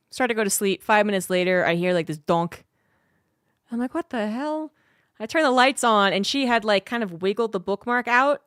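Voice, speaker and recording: A woman's voice: mid-range voice, a bit bright, no room sound, studio quality. A woman streamer in a casual livestream chat, telling a rambling, cursing story.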